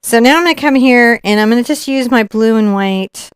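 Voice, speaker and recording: A woman's voice: on the high side, a little fast, smooth, dry recording, clean studio sound. A woman teaching a live acrylic painting lesson, chatting and explaining each step as she paints. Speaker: art instructor.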